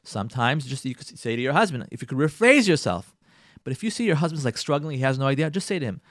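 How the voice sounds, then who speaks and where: A man's voice: medium pitch, big pitch swings, fast, fairly bright tone, dry recording, studio quality. A man hosting a radio advice talk, speaking emphatically, repeating phrases and acting out quotes from husbands and wives. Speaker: radio host giving marriage advice. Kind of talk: Jewish community radio talk.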